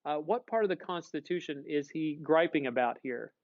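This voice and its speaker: Male teacher, casual and animated lecturer, dull lo-fi sound. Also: a little high, moderate pace. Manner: casual, animated, asks the class questions. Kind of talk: classroom lecture.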